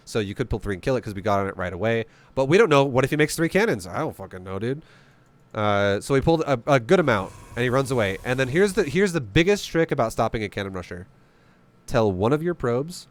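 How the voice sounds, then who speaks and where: A man's voice: medium pitch, no room sound. A man giving casual, profane gameplay commentary, blunt and joking as he explains strategy. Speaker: game commentator.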